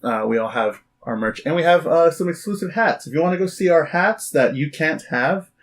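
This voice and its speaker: A man from Texas co-hosting a casual podcast, upbeat and quick to laugh while plugging the show. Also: a little high, animated. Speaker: podcast co-host. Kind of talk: casual podcast chat and plugs. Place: room shared with co-hosts.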